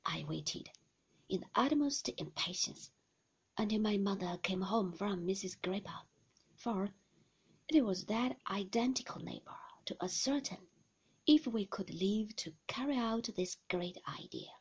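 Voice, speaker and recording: A woman reading a classic novel aloud in a soft, half-whispered voice. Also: mid-range voice, measured pace, slightly rough. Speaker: narrator. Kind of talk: storybook reading.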